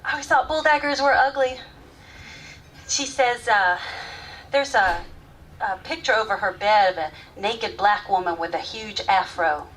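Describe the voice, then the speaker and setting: An actress performing a live stage monologue as a grown woman candidly recalling her first love, sometimes soft, sometimes loud. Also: mid-range voice, a little slow, lightly acted. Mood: frank recalling. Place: theater stage, live audience. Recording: distant stage mic, faint room noise.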